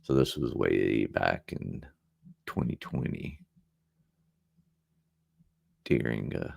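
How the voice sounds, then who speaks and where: A man's voice: a bass voice, takes it slowly, creaky, a little mellow, slightly rough. A man hosting a casual livestream from a room at home. He talks in a distracted, apologetic way while he fixes his audio setup. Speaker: livestream host.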